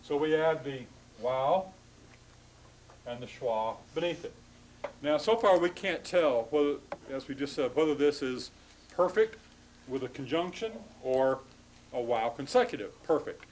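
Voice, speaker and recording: A man's voice: a little high, lively intonation, measured pace, darkish tone, slight background noise, rough recording. A man teaching a classroom lecture on Hebrew grammar, explaining step by step, with frequent restarts and checks of "okay?".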